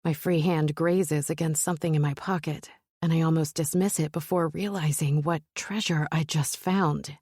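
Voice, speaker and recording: A woman narrating a romance novel in first person, in a measured, steady storytelling manner. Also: low voice, husky, no echo, clean studio sound. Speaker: audiobook narrator.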